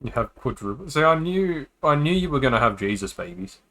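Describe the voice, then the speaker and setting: This streamer's mid-range voice is sing-song, fairly quick, and pushed bright as he reads visual novel dialogue aloud. Casual jokes and asides pop up between the lines he reads.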